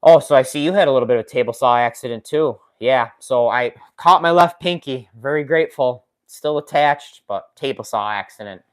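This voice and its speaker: A man hosts a casual live stream, talking straight to his viewers. He reads their comments out loud and laughs often. He speaks into a desk microphone with his injured hand in a splint. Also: medium pitch, moderate pace, few pauses. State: recovering from a finger injury, in a splint. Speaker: woodworking channel host.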